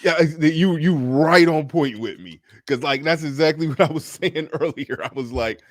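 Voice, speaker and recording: A man's voice: fairly high pitch, normal speed, no room sound, clean studio sound. A man talking in a laid-back, slangy way during a casual reaction chat.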